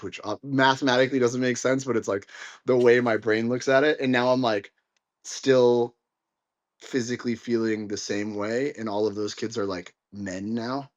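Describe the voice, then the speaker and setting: A young man guest on a podcast, telling stories in a lively way with lots of filler words. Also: medium pitch, moderate pace, lo-fi sound. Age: young adult. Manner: storytelling, animated, many fillers like "like". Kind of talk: casual conversation.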